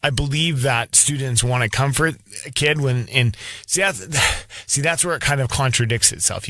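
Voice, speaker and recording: A teacher in his thirties speaks his mind in a loose, rambling monologue, often restarting his thoughts. His voice sits at an ordinary middle pitch. The sound is dry and close, with no room around it. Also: pushed and bright, no room sound. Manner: candid, rambling, frequent restarts. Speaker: elementary school teacher. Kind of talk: casual opinion monologue.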